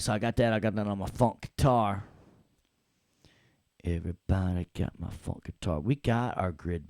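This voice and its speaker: A man teaching an audio software class in a playful, joking way, talking the students through each step. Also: deep voice, gravelly, dry recording, clean studio sound. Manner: playful, jokey, talks to the class. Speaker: audio production instructor. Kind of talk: live classroom software tutorial.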